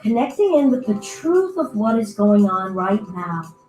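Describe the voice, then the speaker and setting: A woman's voice: mid-range voice, very animated, unhurried, a little mellow. A woman teaching a guided yoga class in a playful, chatty way, giving her breath and body little voices as she goes. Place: indoor room, virtual class. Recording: echoey room with faint music.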